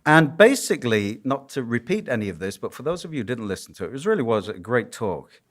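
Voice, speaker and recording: A man's voice: medium pitch, very animated, quick pace. A man with a Yorkshire accent, a priest speaking at a conference, telling stories with self-deprecating humor. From Yorkshire, England. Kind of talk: conference lecture. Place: conference hall.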